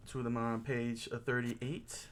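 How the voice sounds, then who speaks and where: A man's voice: medium pitch, flat delivery, moderate pace, a little hiss or hum. A man streaming his own Japanese study, reading words and meanings aloud, joking and correcting himself as he goes. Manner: jokey, thinking aloud, with self-corrections. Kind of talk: casual self-study stream.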